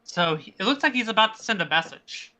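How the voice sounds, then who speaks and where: A man runs a tabletop role-playing session as game master. He narrates in a loose, halting way, often pausing on fillers. His voice is very bright and sits a little high. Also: lively intonation.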